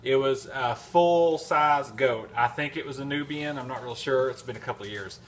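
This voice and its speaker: Male vlogger, casual storyteller, average pitch, loose and rambling with lots of restarts. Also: moderate pace, a little hiss or hum. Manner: rambling, folksy anecdote with frequent restarts and fillers.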